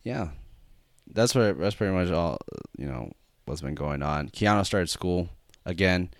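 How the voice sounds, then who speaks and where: A man co-hosting a podcast, chatting casually in a halting, rambling way with many restarts. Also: deep voice, animated, dry recording. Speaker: podcast co-host. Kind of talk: casual chat.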